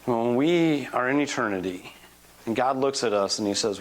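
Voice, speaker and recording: Man, forties, guest preacher, conversational storytelling sermon, animated, casual fillers. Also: mid-range voice, moderate pace. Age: 40s.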